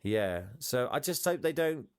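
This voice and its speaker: Smooth-voiced man, meandering chat. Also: mid-range voice, sing-song, a little slow. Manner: meandering, trailing off, stammering restarts. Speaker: podcast co-host. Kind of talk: casual chat.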